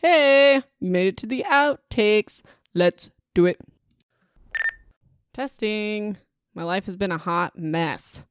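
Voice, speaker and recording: A woman's voice: mid-range voice, takes it slowly, pauses often, clear, resonant tone, no room sound, studio quality. A woman hosting her own podcast in a chatty, rambling, self-deprecating way, talking into a home microphone. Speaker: podcast host. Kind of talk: casual solo podcast chat.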